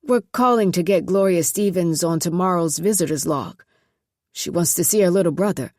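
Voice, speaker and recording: A woman's voice: lowish voice, normal speed, darkish tone, dry recording, clean studio sound. A woman voicing a nervous young male state official who speaks earnestly and with anxious politeness.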